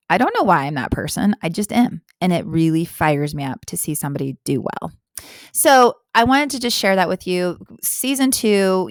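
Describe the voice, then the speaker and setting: A woman's voice: fairly low pitch, no echo, clean studio sound. A middle-aged woman hosting a health-coaching podcast, talking earnestly and animatedly on her own. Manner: earnest, animated, acts out quoted voices. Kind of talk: casual solo podcast talk.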